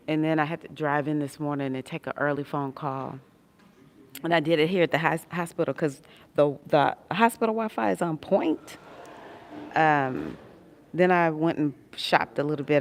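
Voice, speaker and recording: Gravelly woman chatting to her stream, kinda tired, laughing here and there. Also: very deep voice. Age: adult with a son. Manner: chatty, tired, warm with viewers, laughs often. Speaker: astrology livestream host. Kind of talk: casual livestream chat reading comments. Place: hospital room.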